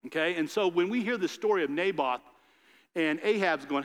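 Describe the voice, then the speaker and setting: A man preaching, moving from steady scripture reading into loose, chatty storytelling, dropping into quick voiced asides. His voice sits a bit high for a man. The sound hangs in a long, echoing hall. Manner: reads scripture then retells it in casual voices. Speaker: pastor.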